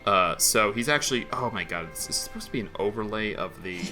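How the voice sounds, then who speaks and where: A man running a tabletop game, talking in a low, bright and forceful voice. He rambles and cuts himself off mid-thought as he rules on the action. Faint music plays behind him. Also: lively intonation, a little fast. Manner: rambling, self-interrupting. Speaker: game master.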